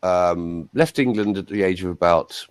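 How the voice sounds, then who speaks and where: A male voice coach chats casually, spinning rambling anecdotes packed with asides as an animated storyteller. His voice sits low, at normal speed, with a clean tone and no echo.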